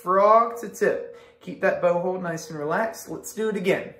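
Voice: mid-range voice, normal speed, a bit bright. A string teacher leading an online music lesson, counting beats aloud with patient encouragement. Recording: echoey room with violin playing.

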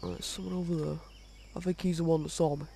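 Man, gameplay commentary, sweary, gravelly voice, somewhat high pitch. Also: flat delivery, quick pace, dark tone, slight background noise. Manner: sweary, exasperated. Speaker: gaming video host.

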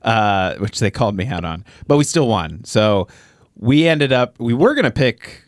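A lower-pitched man hosts a relaxed podcast chat, rambling through explanations and laughing often. His voice sits close to the mic in a dry, dead room. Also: moderate pace, no room sound. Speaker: podcast host.

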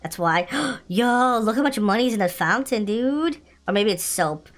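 A woman hosting a casual gameplay video, chatty, excitable and often giggling as she plays. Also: on the high side, a little slow. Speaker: gaming video host.

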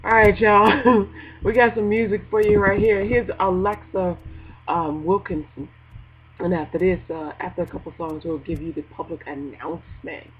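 A woman hosting a casual gospel internet radio show, animated and joking, laughing often between lines. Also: fairly low pitch, normal speed. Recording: dull lo-fi home recording with faint noise.

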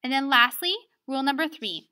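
A woman's voice: high-pitched, animated, a little fast, pushed and bright. A woman teaching a writing lesson on dialogue, explaining step by step and often checking in with "right?". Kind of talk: recorded lesson video.

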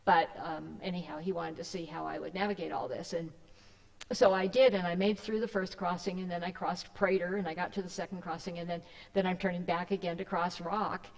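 A woman's voice: lowish voice, little pitch movement, fairly quick, in a large hall, poor audio. A woman giving a casual, rambling talk to a church group, with many fillers and restarts. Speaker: guest speaker. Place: church hall.

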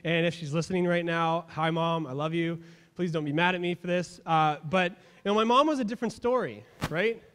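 A man's voice: a little high, brisk, a bit bright, clean tone. A young man preaching a sermon as a pastor, telling stories in a casual, humorous way. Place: church sanctuary. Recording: long hall reverb.

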